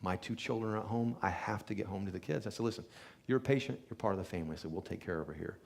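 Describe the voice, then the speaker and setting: Low-voiced chiropractor guy telling a patient story to a crowd, earnest, acts out the quotes. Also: racing, gravelly. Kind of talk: storytelling talk to a live audience.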